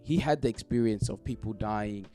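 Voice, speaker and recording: A man's voice: lowish voice, moderate pace, dark tone, soft background music. A man, a podcast co-host, talking earnestly in casual chat and often asking "you know what I mean".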